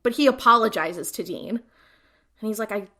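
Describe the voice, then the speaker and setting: A woman's voice: on the high side, animated, normal speed, sharp tone. A woman co-hosting a podcast, chatting casually and retelling scenes with lots of fillers. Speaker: podcast co-host. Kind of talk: casual recap chat.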